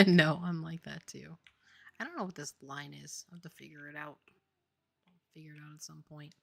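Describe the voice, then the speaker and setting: A woman's voice: low-pitched, moderate pace, gravelly, pushed and bright, soft background music. An American woman, a game developer streamer, rambling in casual livestream chat, filling her talk with "like" and laughing often. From United States.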